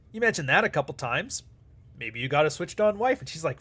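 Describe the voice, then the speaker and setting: His voice pitched fairly high, husky and a bit bright, a livestream host talks fast with big pitch swings. He handles super chats bluntly and casually, swearing freely and acting out conversations.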